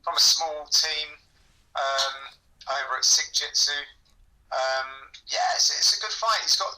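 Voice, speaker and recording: A man giving fight analysis as a guest, measured and full of hesitant ums, heard over distant call audio. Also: a little high, pushed and bright.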